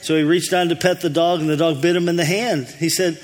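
Folksy pastor telling jokes in a hall. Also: male voice, on the high side, steady tone, brisk. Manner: folksy, easygoing joke-telling with a chuckle. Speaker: lead pastor. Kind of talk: telling jokes before a sermon. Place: church hall.

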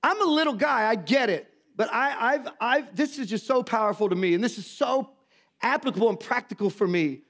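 A man preaches a sermon, telling homespun stories and poking fun at himself. His voice sits high for a man. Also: lively intonation, a little fast, fairly bright tone. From Missouri. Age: 50s. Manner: folksy, self-mocking storytelling with acted quotes. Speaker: pastor.

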